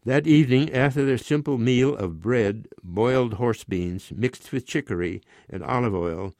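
A man in his nineties reading his own short story aloud in a measured, unhurried way. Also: mid-range voice, a little mellow, no echo. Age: 90s.

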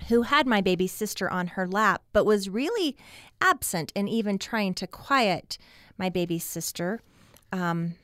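A middle-aged woman telling a personal story as a radio guest, slow and reflective, with long pauses. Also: medium pitch, fairly bright tone, clean tone, dry recording, clean studio sound. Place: radio studio.

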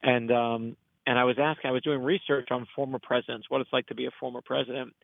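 A man's voice: medium pitch, level tone, quick pace, creaky, no echo. A middle-aged man, a guest author, telling stories earnestly in an interview and acting out the quotes as he goes. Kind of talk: casual interview storytelling. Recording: tinny phone line.

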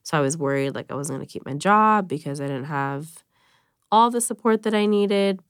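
A woman's voice: low-pitched, expressive, moderate pace, clear, resonant tone, no room sound, studio quality. A young woman in her twenties speaking bluntly and candidly in an interview, saying "like" often. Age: 20s. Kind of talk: emotional interview recollection.

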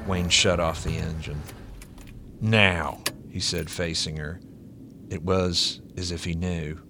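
A male author reading his own novella aloud and talking about writing it, with a measured, deliberate delivery. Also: sits low, level tone, over music.

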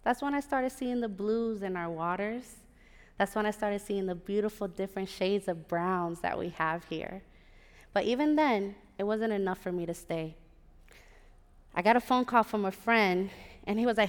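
A woman from Puerto Rico telling a personal story on a theater stage, animated, with sassy asides to the audience. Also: medium pitch, normal speed, clean tone. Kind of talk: live storytelling performance. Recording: live theater with long reverb.

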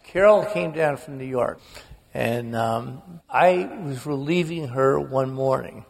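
A man's voice: mid-range voice, takes it slowly, vocal fry. An older man, a guest author, telling a humorous, self-mocking family story on stage in a large auditorium. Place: large auditorium before an audience. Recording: long reverb of a big hall.

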